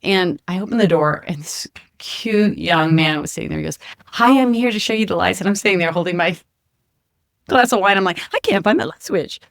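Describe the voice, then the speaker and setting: Quick-paced female podcast co-host, animated storyteller, dry close sound. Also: fairly low pitch, no echo. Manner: animated storyteller acting out quoted voices. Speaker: podcast co-host, flight attendant. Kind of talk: casual storytelling chat. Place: home kitchen.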